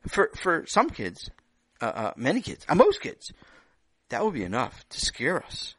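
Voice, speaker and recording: Animated man telling a children's story. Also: medium pitch, measured pace, husky, no echo, rough recording. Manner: animated, self-joking asides, stammers. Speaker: storyteller, lecturer.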